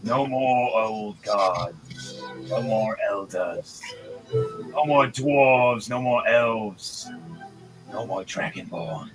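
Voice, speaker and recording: A man's voice: fairly low pitch, very slow, pauses often, low-quality recording. A man doing a menacing zealot knight. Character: zealous male knight in white armor. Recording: music playing loudly behind.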